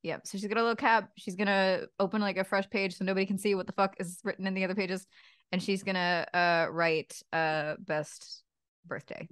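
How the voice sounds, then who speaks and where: A woman's voice: medium pitch, steady tone, fairly quick, a bit bright, clear, resonant tone, dry recording, studio quality. A woman describing her character's actions in a casual tabletop role-playing game, saying "like" often. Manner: chatty, full of "like". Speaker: player.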